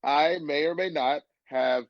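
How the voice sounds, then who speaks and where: A man's voice: a little high, measured pace, no room sound. A man in his early thirties, a comedian guesting on a casual podcast, telling stories with lots of energy, swearing and laughter. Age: 30s. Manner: animated storytelling, swearing, frequent laughter. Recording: dull, muffled remote audio.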